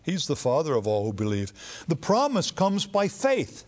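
A man preaching a sermon in a relaxed, conversational storytelling way, with occasional fillers. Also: a little high, moderate pace.

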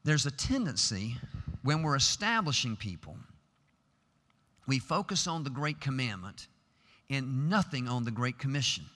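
A man's voice: medium pitch, very animated, unhurried, long pauses, pushed and bright. Emphatic male preacher in a reverberant chapel. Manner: earnest, emphatic, builds to rhetorical questions. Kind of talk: sermon. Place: large chapel. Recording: long hall reverb.

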